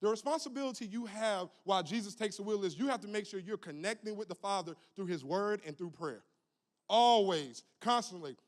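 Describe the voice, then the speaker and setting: A young adult man preaching a lively, humorous youth sermon, calling on the crowd to repeat after him. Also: high-pitched, a little fast. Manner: animated, humorous, call-and-response with the crowd. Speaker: youth minister.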